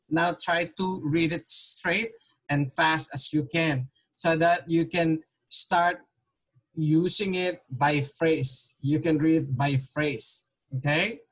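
A man with a Filipino accent, a native Tagalog speaker, teaching a patient online language lesson and checking in with "okay?" after nearly every point. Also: a little high.

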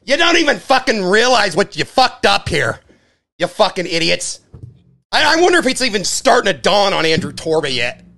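A man delivering a profane, heated livestream rant, often shouting. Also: high voice, very animated, normal speed, vocal fry.

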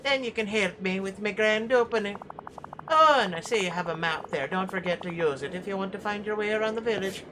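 A man voicing a miserly, boastful old duck tycoon in a hammy put-on Scottish brogue, reading game dialogue aloud in a loud, lively voice. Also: high voice, brisk, noisy background, pitched above the performer's own voice, natural voice. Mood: blustering. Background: game music.

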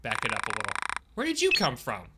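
A man's voice: medium pitch, fast, heavy background noise. Chatty man streaming a game. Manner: chatty, joking, animated. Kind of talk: casual gameplay commentary. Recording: loud game music behind.

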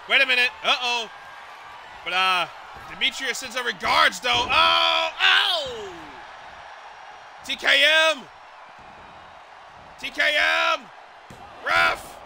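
High, sharp-voiced shouting male commentator. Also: gravelly, a little hiss or hum. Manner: shouting, exclaiming, swearing. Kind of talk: excited play-by-play commentary.

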